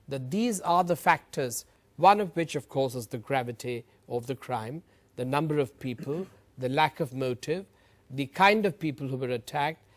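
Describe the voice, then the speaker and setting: A man, a lawyer on a TV panel, making his case in deliberate, formal legal phrasing. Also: fairly high pitch. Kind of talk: panel debate argument.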